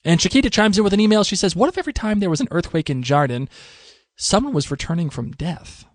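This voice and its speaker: Boston guy cohosting a podcast, kinda high voice, rambly, lots of restarts, dry mic. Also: lively intonation, fast, no echo. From Massachusetts. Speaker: podcast co-host. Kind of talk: casual chat, reading listener mail.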